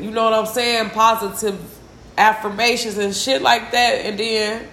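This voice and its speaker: A distressed, tearful woman hosting a solo confessional podcast, venting slowly and heavily with sighs and a lot of swearing. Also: on the high side, flat delivery, a bit bright, roomy sound, a little hiss or hum. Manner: slow, heavy, profane venting with sighs. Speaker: podcast host.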